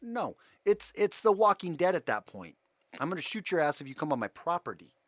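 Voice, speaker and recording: Sarcastic man with lively pitch. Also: fairly quick, no room sound. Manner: sarcastic, mocking, rambling with restarts. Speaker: livestream host. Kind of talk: sarcastic commentary rant.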